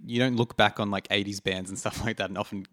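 Low-voiced man musing in a dry recording. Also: steady tone, fast talker, fairly bright tone, no echo. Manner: hesitant, searching for words. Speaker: podcast co-host. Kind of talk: casual chat.

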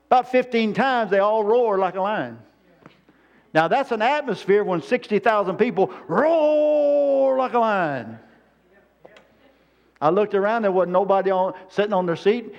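A man preaches in a loose, folksy way, wandering from story to story in plain-spoken words. His voice sits high for a man. The sermon recording sounds dull and lo-fi. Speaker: pastor.

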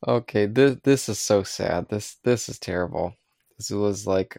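A man's voice: fairly low pitch, moderate pace, creaky, darkish tone, no room sound, clean studio sound. A man co-hosting a podcast, casually retelling episode scenes and briefly acting out the characters' lines. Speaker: podcast co-host. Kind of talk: casual recap chat.

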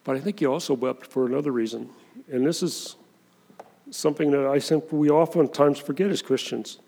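Gravelly-voiced man preaching a sermon. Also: a little high, brisk, dark tone, big-room sound. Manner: conversational preaching, dramatic voices when quoting scripture. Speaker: pastor.

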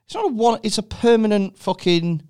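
A man's voice: sits high, fairly quick, smooth. A man hosting a casual chat, incredulous and sweary, telling stories with lots of expletives. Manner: incredulous, sweary, animated storytelling.

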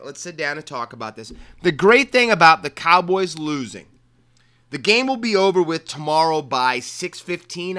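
Hosting a sports show, this Maryland man runs through casual football picks with jokes on the side and phrases he keeps repeating. His pitch is fairly high, and his tone is sharp and clean.

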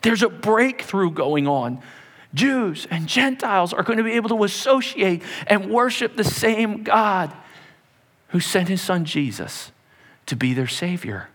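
High-voiced animated preacher. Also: male voice, measured pace. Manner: animated, dramatic retelling with voiced characters. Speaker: pastor. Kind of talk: sermon. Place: church hall.

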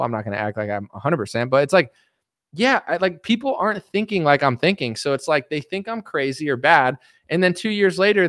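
A man's voice: on the high side, fairly bright tone, no echo, clean studio sound. A man hosting a livestream, ranting casually about politics in a boastful, combative, sarcastic way. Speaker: livestream host.

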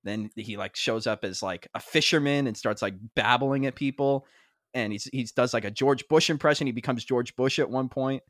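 In a studio-quality, echo-free recording, a twenty-something podcast co-host chats casually at normal speed in a mid-range, slightly bright voice. He tells meandering stories, packed with fillers and laughing often.

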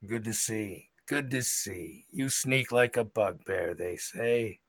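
Guy doing a chill big bugbear, low-key and teasing. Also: slow, dry recording, studio quality. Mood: friendly. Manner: laid-back, teasing. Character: huge male bugbear, easygoing barfly.

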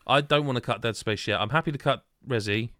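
A man's voice: mid-range voice, fast, bright, forceful tone, dry recording, studio quality. A man hosting a casual gaming podcast panel, enthusiastic and opinionated, often restarting his sentences. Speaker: podcast host.

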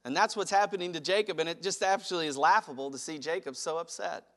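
A man preaching a sermon as pastor, animated, acting out quotes and chuckling as he speaks. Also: fairly high pitch, fast.

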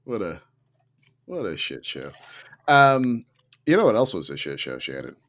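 A man co-hosting a casual gaming podcast, talking with big excited swings in his voice. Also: measured pace. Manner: animated, swings pitch sharply when excited. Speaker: podcast co-host. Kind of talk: casual chat.

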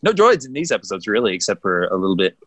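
A man's voice: on the low side, big pitch swings, fast talker, a bit bright, husky. A man co-hosting a podcast, chatting casually and often laughing as he acts out quotes. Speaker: podcast co-host. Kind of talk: casual chat.

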